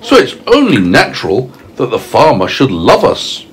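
A man's voice: mid-range voice, wildly swooping pitch, normal speed, slight background noise. A father reading a children's book aloud at home, patiently stopping to explain words to his child.

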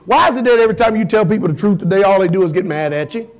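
Pastor guy preaching, lots of blunt questions thrown at the church, folksy and pushy, voice sits pretty high. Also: expressive. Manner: preaches with rapid-fire rhetorical questions to the congregation. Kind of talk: sermon.

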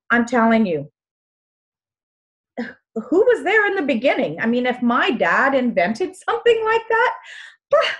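A middle-aged woman hosting a beauty show, chatting enthusiastically and getting choked up at times. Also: on the low side. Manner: enthusiastic, gets emotional and tearful. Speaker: show host. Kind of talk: casual chat.

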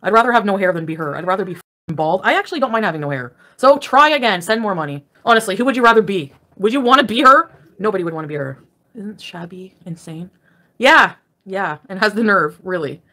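Woman, casual livestream rant from bed, combative and profane, talks quickly. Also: mid-range voice, animated, pushed and bright. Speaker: livestreamer ranting to viewers. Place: at home, lying in bed.

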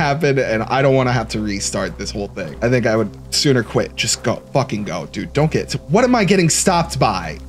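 A young man giving let's-play commentary on a horror game, excitable and swearing, breaking into panicky yelps when scared. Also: mid-range voice. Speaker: gaming YouTuber.

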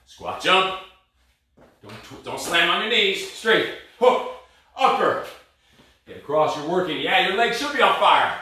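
A male fitness instructor leads a live cardio boxing class, breathless as he barks short, blunt commands and counts. His voice is high-pitched and sharp, with big pitch swings, a measured pace, and long pauses, and he sounds far from the mic in an echoey room.

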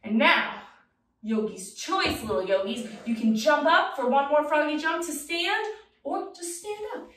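Young female kids-yoga teacher, bright sing-song delivery, boomy room sound, mic at a distance. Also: animated, unhurried, heavy reverb. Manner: playful, sing-song, encouraging. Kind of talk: guiding a children's yoga class.

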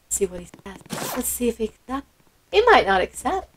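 A woman's voice: a little high, very animated, brisk, fairly bright tone, slight background noise, poor audio. A woman hosting a gameplay video, gushing with sweet enthusiasm and gasping often. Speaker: channel host. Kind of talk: excited gameplay commentary.

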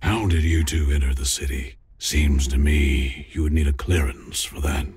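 An actor playing a smug, menacing crime boss in a noir game, with a deep gravelly voice and a slow, threatening manner. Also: male voice, fairly even intonation, a little mellow, slight background noise.

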